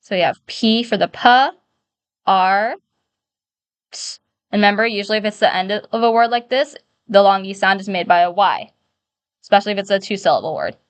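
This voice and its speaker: A woman's voice: medium pitch, a little fast, long pauses, clean tone, no echo. Woman teacher doing a phonics lesson, patient, sounds out letters one by one, dry close sound.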